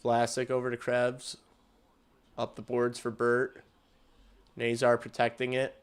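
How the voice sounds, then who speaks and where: A man hosting a hockey livestream, calling the game in casual play-by-play and getting loud and excited on big chances, with some swearing. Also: mid-range voice, a little slow, smooth. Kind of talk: casual live play-by-play commentary.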